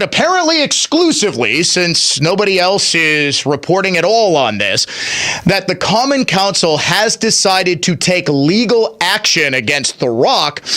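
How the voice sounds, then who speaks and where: Male radio host with a lively, swooping delivery, sarcastic and emphatic, ripping through an opinion monologue. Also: fairly high pitch.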